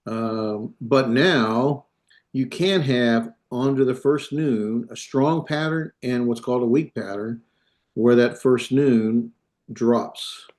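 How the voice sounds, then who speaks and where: Male instructor, mid pitch, halting delivery full of fillers, classroom lecture. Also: a little mellow. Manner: halting, many fillers and self-corrections.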